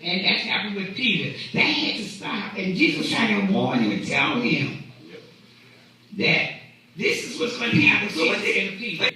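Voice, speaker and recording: A man's voice: sits high, big pitch swings, moderate pace, pushed and bright, heavy reverb, recorded from a distance, low-quality recording. A man preaching a sermon in a conversational way, often repeating and restarting his words, recorded in a church. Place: church sanctuary.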